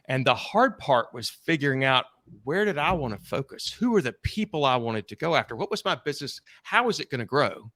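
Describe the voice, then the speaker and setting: A man talks through his own stories as a podcast guest, candid and blunt, swearing now and then. His voice is bright and forceful. The sound is dry, with no room around it. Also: medium pitch, sing-song, fairly quick, hardly any pauses, dry recording. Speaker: podcast guest, sales trainer. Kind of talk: conversational storytelling interview.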